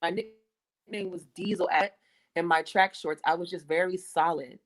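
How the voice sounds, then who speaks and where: Woman, young adult, from the US, lower voice, blunt, swears freely, chatty storytelling. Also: steady tone, normal speed, poor audio. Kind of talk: casual chat.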